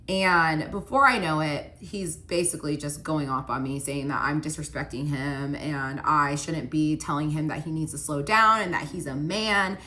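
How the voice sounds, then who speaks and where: A young woman casually telling a personal story, acting out both sides of the argument and filling her speech with "like". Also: fairly low pitch. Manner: animated retelling with many "like" fillers, quoting both sides of arguments. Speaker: storyteller recounting her relationship.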